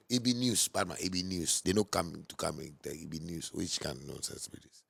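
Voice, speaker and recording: A man with a Ghanaian Pidgin English accent delivering a heated, scolding monologue that repeats and mocks, bursting into sudden loud outbursts. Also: low voice, lively intonation, brisk, creaky, slightly rough. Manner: repetitive and mocking. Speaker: musician. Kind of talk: ranting monologue.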